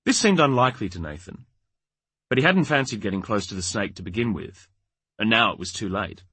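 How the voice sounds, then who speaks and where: Low husky male audiobook narrator. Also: animated, a little fast, sharp tone, no room sound. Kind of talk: scripted narration.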